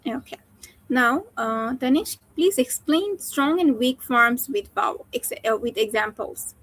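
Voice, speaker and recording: A woman teacher giving instructions and questions in an oral exam, clear and guiding. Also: on the high side, unhurried, fairly bright tone, no echo. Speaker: teacher examining a student.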